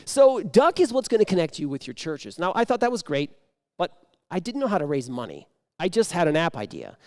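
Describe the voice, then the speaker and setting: Playing to a conference crowd, a man improvises a comic story, animatedly acting out every exchange and falling into sudden whispers. His voice is high for a man, swings widely in pitch, and moves fairly quickly.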